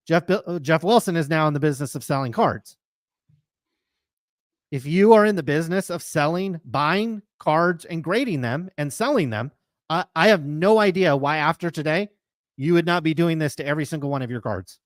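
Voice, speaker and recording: On a live sports card talk show, a male host chats in a casual, opinionated way, emphatic and rambling as he stacks up comparisons. His voice runs on the high side and is expressive, at a moderate pace, recorded dry with studio quality.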